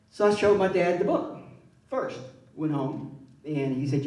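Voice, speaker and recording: A man's voice: high voice, moderate pace. A man, telling wry personal stories at a public talk and acting out the voices in them. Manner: wry, animated, acts out voices in his stories. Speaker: author speaking at a public event. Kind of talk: personal storytelling. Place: museum event space. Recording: roomy hall, mic at a distance.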